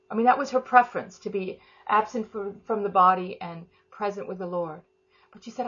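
A woman leading an informal devotional talk and prayer, soft and fervent, rambling with many restarts. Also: mid-range voice, lively intonation, normal speed, breathy edge. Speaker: prayer and teaching leader. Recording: slightly dull lo-fi sound.

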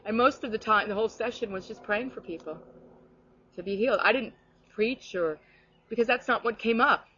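A woman telling heartfelt stories from her ministry in an animated, earnest way, often restarting her sentences. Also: a little high, brisk, dull audio. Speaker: guest sharing ministry stories. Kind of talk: earnest conversational testimony.

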